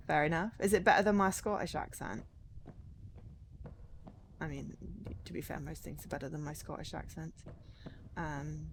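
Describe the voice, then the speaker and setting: A woman's voice: low voice, normal speed, long pauses, a little hiss or hum. A young woman chatting casually as she streams a game, musing aloud and answering her chat. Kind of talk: casual gameplay commentary.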